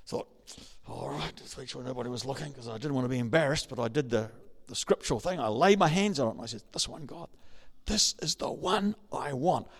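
A man preaching a sermon, telling a personal story and building up to excited shouting. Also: mid-range voice, brisk, gravelly. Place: large church hall. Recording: reverberant hall.

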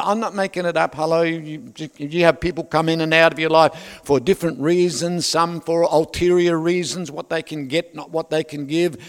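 A man preaching a sermon, conversational with joking asides to the congregation. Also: on the high side. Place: large church hall. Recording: long reverb of a large hall.

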